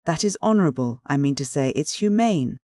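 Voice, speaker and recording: A man voicing an earnest, excitable young idealist who speaks eagerly and preachily, in an audiobook. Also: on the high side, a little fast, no echo, clean studio sound, natural voice.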